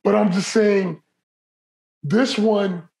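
A podcast co-host in casual chat, talking in an animated way with many restarts. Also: medium pitch, slow pace, gravelly, rough recording.

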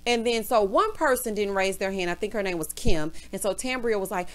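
A woman's voice: medium pitch, lively intonation, a little fast, hardly any pauses. A woman from the American South, ranting sassily in a casual reality TV recap and calling everyone honey and girl.

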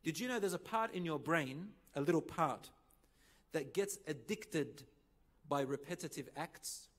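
A man delivering a sermon in English with Arabic phrases mixed in, telling stories and acting out the dialogue with sudden loud rises. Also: fairly high pitch, animated, unhurried. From Lebanon. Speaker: preacher. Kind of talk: sermon with storytelling.

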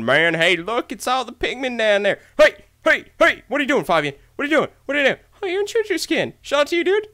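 A man commentating his gameplay in an excited, hyper way, often repeating himself. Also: fairly high pitch. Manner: hyper, exclamatory, repeats phrases. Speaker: let's play gamer.

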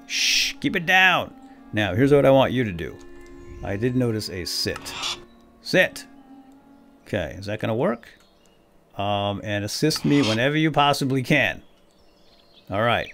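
A man hosting a let's play, excitable and swinging between loud outbursts and hushed whispers as he narrates his game. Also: on the low side, a little slow, pauses often, soft background music. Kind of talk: gameplay commentary.

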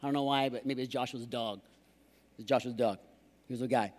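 A man preaching a lively sermon as pastor, joking and putting on voices to act out excuses. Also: medium pitch, brisk. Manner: playful, acts out excuses in put-on voices. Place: large church hall. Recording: live church hall reverb.

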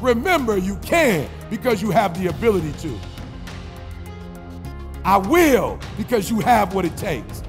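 A man giving a commencement speech, preaching in repeated refrains that build to shouts. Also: high-pitched, very animated, unhurried, long pauses, long reverb tail, soft background music. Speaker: commencement speaker. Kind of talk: motivational speech.

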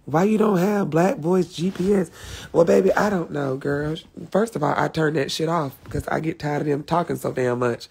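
A high-voiced man with a gravelly, husky edge, ranting brashly and with plenty of profanity on a phone livestream. He has a cold and talks from a guest room at home. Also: moderate pace, darkish tone. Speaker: livestream host. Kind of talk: casual livestream rant.

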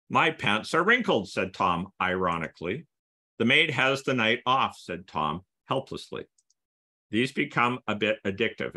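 A man's voice: medium pitch, sharp tone. An older man giving a wordplay talk over a video call, reading punchlines with playful emphasis. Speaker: guest presenter.

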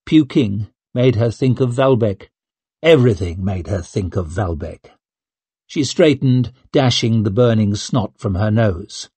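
A man reading an audiobook as narrator in a measured, even manner. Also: fairly low pitch, breathy edge, no room sound. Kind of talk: scripted narration.

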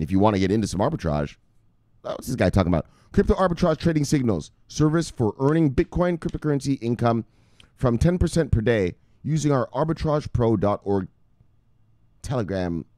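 A rowdy, foul-mouthed man riffs through his cryptocurrency vlog in loose street slang. His pitch swings wildly from low mutters to high yelps. The recording is dry, with no room sound. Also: darkish tone, no echo. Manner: boisterous and profane, street slang. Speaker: crypto news vlogger. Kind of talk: casual profane commentary.

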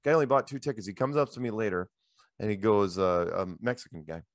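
Middle-aged male host, low voice, dry close sound, animated rambling storyteller. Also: fast, no echo. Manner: animated, rambling anecdotes with repeated "he goes". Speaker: show host. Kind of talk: casual storytelling chat. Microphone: handheld microphone.

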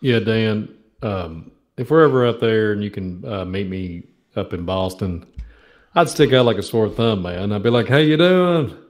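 A man's voice: on the low side, normal speed, darkish tone. A man co-hosting a radio show, chatting in a jokey, playful way. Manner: jokey, playful, laughing asides. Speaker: co-host. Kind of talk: casual radio chat.

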